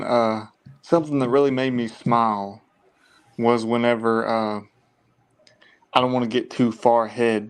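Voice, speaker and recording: Easygoing man with a smooth voice. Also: medium pitch. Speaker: movie podcast co-host. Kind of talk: casual film discussion.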